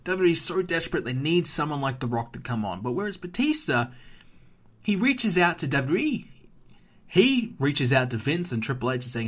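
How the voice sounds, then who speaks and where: Animated Australian man ranting. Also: medium pitch, brisk. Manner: animated, emphatic ranting with frequent fillers. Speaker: podcast host. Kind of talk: solo wrestling podcast rant.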